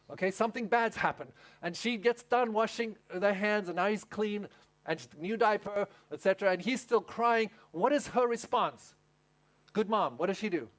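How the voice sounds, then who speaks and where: A male pastor with a high-pitched voice preaches at a camp meeting. He tells a story step by step and throws questions out to the congregation. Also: moderate pace, a bit bright. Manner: storytelling, asks the audience questions. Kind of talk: sermon.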